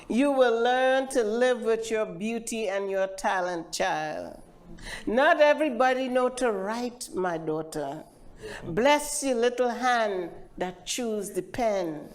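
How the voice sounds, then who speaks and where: An older woman from Trinidad with a Trinidadian accent, giving a measured, lilting live poetry reading as the featured poet at a literary event. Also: on the high side.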